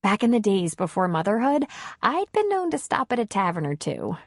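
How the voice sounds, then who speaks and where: A woman's voice: mid-range voice, sing-song, normal speed, no room sound, studio quality, pitched above the performer's own voice. A woman voicing a chatty, cheerful young single mother in an audiobook. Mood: teasing.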